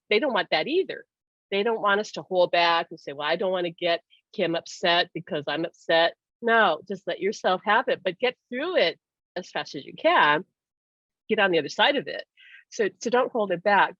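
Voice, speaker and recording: A woman's voice: medium pitch, no echo. A woman hosting a casual spiritual talk, chatty, laughing often and acting out the voices she quotes. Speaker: host. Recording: dry, dull lo-fi sound.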